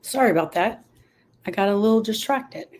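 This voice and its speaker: A woman's voice: mid-range voice, animated, brisk, a little mellow, slight background noise, poor audio. A woman grief coach talking listeners through coping tools, repeating key phrases for emphasis. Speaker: grief coach and podcast host. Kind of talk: coaching talk to camera.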